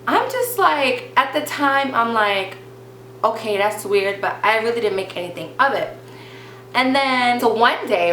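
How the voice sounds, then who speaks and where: A young woman telling a personal story in a casual vlog, chatty and animated, with lots of "like" and quick restarts. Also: fairly high pitch, reverberant, slight background noise, rough recording.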